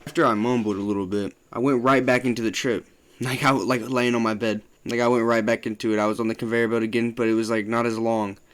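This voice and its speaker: A young man telling a story to his channel in a loose, casual way, swearing often and filling pauses with "like". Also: medium pitch, little pitch movement. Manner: loose, profane, full of "like" fillers. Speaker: vlogger.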